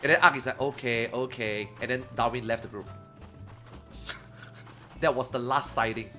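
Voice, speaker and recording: A man streaming, telling a story to his chat in a casual, animated way, swearing and loudly acting out what others said. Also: mid-range voice, moderate pace, faint music behind. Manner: animated retelling, acts out quotes loudly, swears, laughs.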